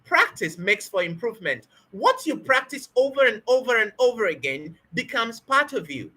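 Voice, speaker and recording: Lively, breathy woman coaching spoken English. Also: fairly high pitch, moderate pace. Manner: emphatic, repetitive, asks rhetorical questions. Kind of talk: motivational teaching talk.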